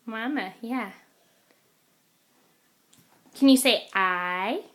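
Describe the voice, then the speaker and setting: A mother patiently coaxing her toddler to repeat words, saying each one slowly and clearly at home. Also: on the high side, fairly bright tone. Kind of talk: coaching a toddler to speak at home.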